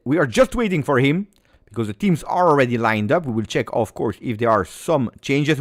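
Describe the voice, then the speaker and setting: A man giving live football reaction commentary, excitable play-by-play mixed with exclamations. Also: mid-range voice, a little fast. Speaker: football watch-along streamer.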